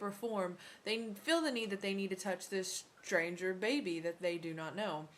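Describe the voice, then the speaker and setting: A woman's voice: mid-range voice, fairly bright tone. A young woman ranting casually to her camera at home about motherhood, sarcastic and swearing, with many ums. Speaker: vlogger.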